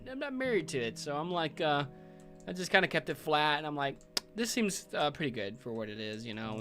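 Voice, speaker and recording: A man's voice: fairly high pitch, a bit bright. A man hosting a livestream, casually talking through his work, thinking aloud with fillers and chuckles. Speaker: livestream host building a game world. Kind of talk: casual livestream commentary while working.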